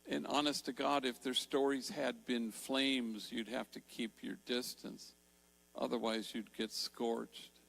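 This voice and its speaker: An older man giving a storytelling talk in a large church, slowing down to stress key words. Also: medium pitch, level tone, gravelly, poor audio. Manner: warm storytelling, slows for emphasis. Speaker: Jesuit priest and speaker.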